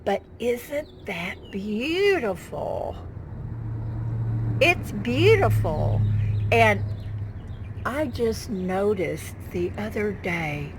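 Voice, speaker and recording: A woman's voice: mid-range voice, sing-song, extremely slow, a little hiss or hum, rough recording. A woman chatting casually to her viewers outdoors in her backyard garden, fond of her plants. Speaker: gardening vlogger. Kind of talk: casual show-and-tell chat.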